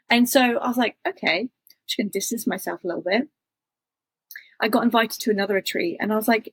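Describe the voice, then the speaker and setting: A woman's voice: mid-range voice, moderate pace, long pauses, husky, no room sound, poor audio. A woman guest telling a personal story in a chatty way, acting out her own past thoughts in quotes. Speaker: interview guest.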